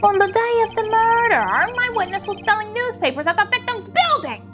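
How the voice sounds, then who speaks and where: A smug male prosecutor, voiced by a woman, formal and self-assured. The voice sits high and moves a lot in pitch. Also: expressive, a little fast, over music.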